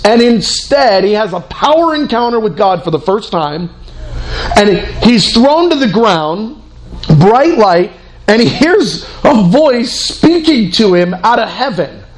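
A man preaching a sermon in an animated, conversational way, with fillers and restarts. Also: high voice, a little slow.

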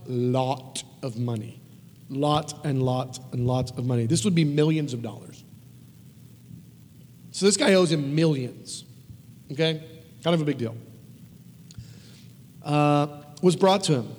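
A man preaching a conversational sermon, emphatic and animated, with casual asides. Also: on the high side, a little slow, pauses often. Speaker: pastor. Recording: long reverb of a large hall.

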